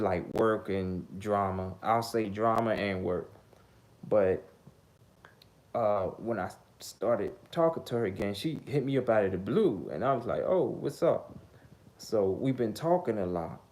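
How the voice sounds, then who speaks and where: A man's voice: lowish voice, a little mellow. A man telling a casual story in a blunt, profane, rambling way, full of fillers. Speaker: vlogger.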